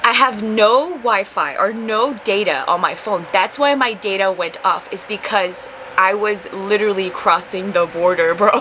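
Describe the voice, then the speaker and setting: A young woman hosting a podcast, telling a story in a casual, animated way and acting out the quotes, with some swearing. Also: mid-range voice, normal speed, few pauses, slight background noise, low-quality recording. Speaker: podcast host.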